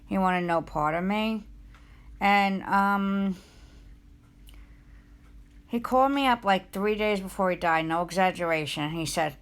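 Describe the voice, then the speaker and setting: A woman's voice: mid-range voice, normal speed, clear, resonant tone. A middle-aged woman live streamer chatting casually, telling a rambling, emotional personal story in a confiding way.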